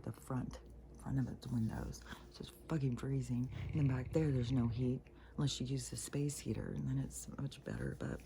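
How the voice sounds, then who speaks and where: Gravelly, profane woman ranting at home. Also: very deep voice, warm tone, slight background noise. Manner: blunt and heavily profane; often drops to a near-whisper. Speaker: vlogger. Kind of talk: casual rambling rant to camera. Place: at home by a wood fire.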